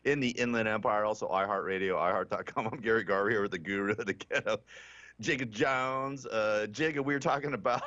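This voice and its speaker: A man's voice: lowish voice, brisk, pushed and bright, no room sound. A man hosting a radio talk show, ranting brashly in casual talk and laughing often, heard through a dull, muffled broadcast.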